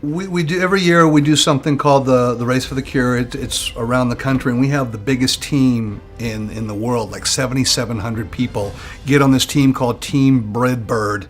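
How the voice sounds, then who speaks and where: A man's voice: mid-range voice, brisk, soft background music. A man speaking in an interview as a charity team organizer, eager and restarting his sentences.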